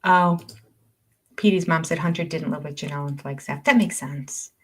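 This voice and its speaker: A woman's voice: low-pitched, normal speed. An older woman hosting a livestream, chatting casually, reading viewer comments aloud and laughing often. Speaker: livestream host.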